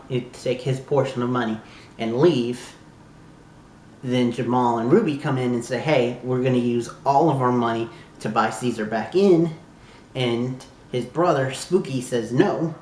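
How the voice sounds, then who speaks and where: This young Southern US man reviews on YouTube in a casual, mid-range voice, exclaiming and gushing with a fan's excitement and plenty of swearing. The echoey room carries slight background noise.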